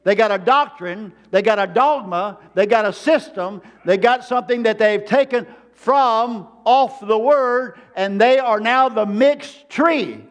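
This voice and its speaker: High-voiced man preaching a sermon. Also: unhurried, few pauses. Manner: emphatic preaching with repeated phrases; calls to the congregation for amens.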